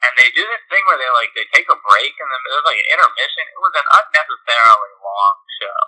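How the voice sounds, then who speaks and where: A man's voice: medium pitch, expressive, quick pace, sharp tone, rough recording. A man from New York telling a long story in casual chat, rambling, losing his thread and making fun of himself. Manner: rambling, self-deprecating, loses his thread. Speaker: podcast co-host.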